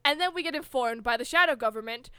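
A woman's voice: sits high, lively intonation, fast talker, sharp tone, clear, resonant tone, dry recording. A young woman co-hosting a podcast, chatting casually and bluntly while she recaps a show. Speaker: podcast co-host.

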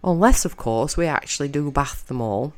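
A woman's voice: deep voice, animated, moderate pace. A woman giving casual, wry commentary as she narrates a film, chatting and thinking aloud. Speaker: audio narrator.

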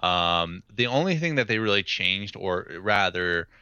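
A man's voice: deep voice, animated, unhurried, bright, forceful tone, clean tone, no echo. A young man co-hosting a podcast, rambling through casual chat with lots of fillers. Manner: rambling, hesitant with many fillers. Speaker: podcast co-host. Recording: dull lo-fi mic, dry.

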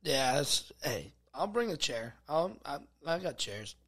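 Blunt, higher-voiced podcast guy. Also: very animated, measured pace, a bit bright. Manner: blunt, crude jokey opinions, mutters low asides. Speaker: podcast co-host. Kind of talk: casual chat.

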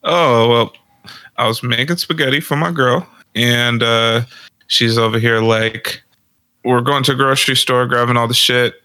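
A man's voice: medium pitch, fairly even intonation, moderate pace, pushed and bright, clean tone, no echo. A young man co-hosting a podcast, telling a story in loose, joking casual chat and laughing often. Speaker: podcast co-host.

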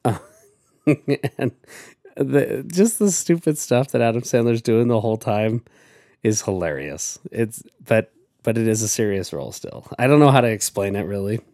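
A man's voice: on the low side, animated, moderate pace, mellow, no room sound, studio quality. A man chatting as a podcast guest, telling a story in a rambling, hesitant way. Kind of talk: casual chat.

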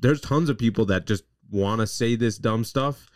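A man's voice: on the low side, moderate pace, dry recording, studio quality. A man co-hosting a podcast, chatting in an easygoing way full of fillers. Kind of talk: casual chat.

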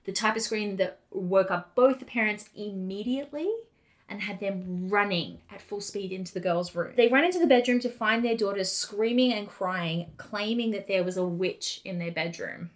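Woman telling a ghost story on a podcast. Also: medium pitch. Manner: casual and animated, with quick asides. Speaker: podcast co-host.

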